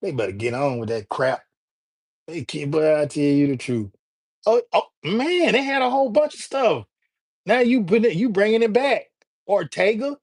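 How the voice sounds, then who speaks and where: A middle-aged man runs a casual live stream, talking straight to his chat in a loose, joking manner full of slang. His voice sits a little higher than most men's, and the sound is close and dry. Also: lively intonation, moderate pace, a little mellow, husky, dry recording. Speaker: livestream host.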